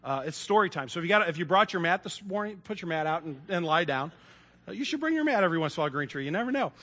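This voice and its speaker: A man delivers a sermon in a folksy, animated manner, stumbling over fillers as he retells a story. His voice is high and bright. A long reverb from a large church hall hangs behind every word. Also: rapid-fire. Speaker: pastor. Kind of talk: sermon with read-aloud story.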